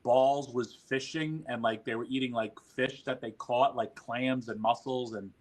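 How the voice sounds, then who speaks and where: A man at an average pitch tells stories on a podcast. He is animated and profane, with lots of fillers and quick asides. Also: rough recording. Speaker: guest. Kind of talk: podcast storytelling.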